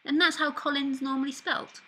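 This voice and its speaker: A woman's voice: sits high, level tone, a little fast, pushed and bright, poor audio. A woman leading a spiritual call-in talk, playful and direct, laughing often. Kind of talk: casual spiritual dialogue.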